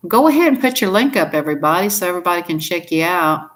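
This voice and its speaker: Folksy Southern woman, low voice. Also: lively intonation, fast. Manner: folksy, chatty, laughs often. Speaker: live streamer. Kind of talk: casual live-stream chat.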